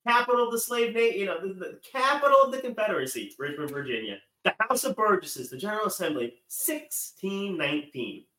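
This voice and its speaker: A man's voice: on the high side, sharp tone, roomy sound, rough recording. Rambling, irreverent man from Maryland. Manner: rambling, irreverent, swears, laughs at own asides. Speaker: morning show host. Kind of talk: casual political monologue.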